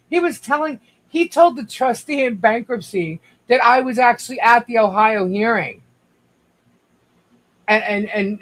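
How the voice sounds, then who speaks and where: A man's voice: high-pitched, fairly bright tone, low-quality recording. A man speaking as a guest on a livestream, rambling with frequent restarts and addressing the viewers directly. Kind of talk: casual livestream chat.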